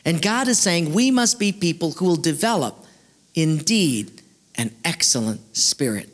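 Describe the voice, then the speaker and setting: Man in his thirties, preaching, animated storyteller, fairly high voice. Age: 30s. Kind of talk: storytelling sermon.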